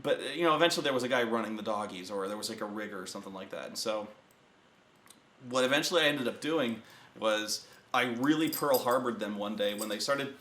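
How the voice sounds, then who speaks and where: A man hosting a show, telling a tabletop gaming story in a casual, profane rant and acting out the players in loud bursts. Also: on the low side, fairly quick, reverberant. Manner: profane, animated, acts out players and himself in shouted bursts.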